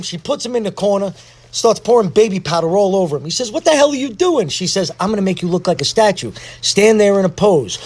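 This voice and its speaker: Man, joke teller, storytelling, high pitch. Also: a little mellow. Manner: storytelling joke teller, raising his voice for characters. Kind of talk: telling a joke.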